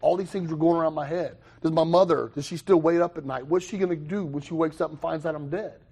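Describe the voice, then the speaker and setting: A young man speaks to a recovery meeting in a gravelly, fairly high voice. He tells his own story with animated energy, cracking self-mocking asides to the room. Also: quick pace.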